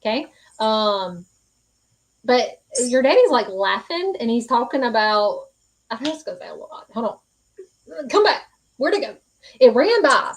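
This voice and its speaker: A woman's voice: on the high side, sing-song, a little slow, long pauses, rough recording. Woman, psychic reading on a live stream, earnest, reassuring, folksy fillers. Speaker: psychic medium host.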